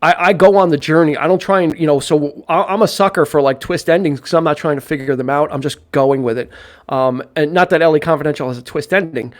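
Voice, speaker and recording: A man co-hosts a live film podcast in loose, rambling chat, often restarting his sentences and throwing in jokes. His voice sits a bit higher than most men's. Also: quick pace. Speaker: podcast co-host. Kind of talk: casual live-stream chat about films.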